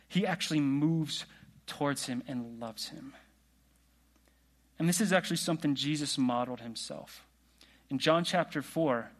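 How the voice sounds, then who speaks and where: A man preaching a sermon in a relaxed, conversational way, asking the congregation questions. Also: mid-range voice. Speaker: pastor.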